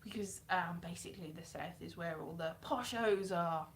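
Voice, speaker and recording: A woman's voice: fairly low pitch, moderate pace. A woman from South Wales, chatting casually and self-deprecatingly on a live stream.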